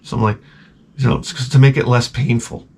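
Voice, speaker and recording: A man's voice: mid-range voice, little pitch movement, a little fast, a little hiss or hum. Rambling, sarcastic man telling a story. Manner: rambling, sarcastic, gets loud and exasperated. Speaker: vlogger. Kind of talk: casual storytelling vlog.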